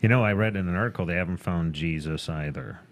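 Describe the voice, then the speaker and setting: Man, podcast co-host, lowish voice, laid-back and questioning, casual chat. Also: quick pace, slight background noise.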